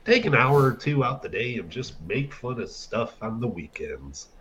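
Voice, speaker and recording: A man's voice: mid-range voice, big pitch swings, normal speed, fairly bright tone, a little hiss or hum. A man hosting a podcast in a laid-back, joking way. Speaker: podcast host. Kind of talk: casual podcast chat.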